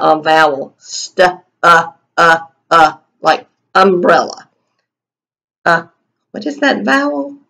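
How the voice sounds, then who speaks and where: A woman teacher with a low, gravelly edge to her voice leads a writing lesson for small children. She speaks slowly and patiently, sounding out each word bit by bit. She keeps asking the class simple questions as she writes. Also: fairly bright tone, rough recording. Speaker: kindergarten teacher.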